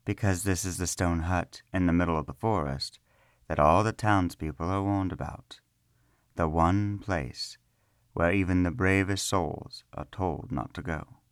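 A man voicing a calm, smiling young man bound by magic to a stone floor, speaking softly and pleasantly. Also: low-pitched, measured pace, no echo, clean studio sound. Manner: soft, pleasant and reassuring. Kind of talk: storybook character reading.

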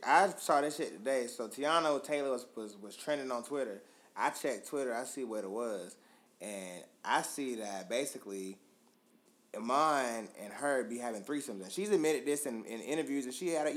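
A man's voice: mid-range voice, normal speed, fairly bright tone. A man co-hosting a casual chat, telling stories loosely with lots of fillers, restarts and swearing. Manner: loose, profane, filler-heavy storytelling. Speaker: podcast co-host.

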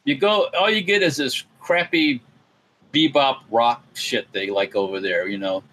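A man's voice: mid-range voice, unhurried, bright, forceful tone, slight background noise, low-quality recording. A man hosting a podcast, chatting casually and rambling, swearing now and then. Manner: rambling, swears, mimics voices in asides. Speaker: podcast host.

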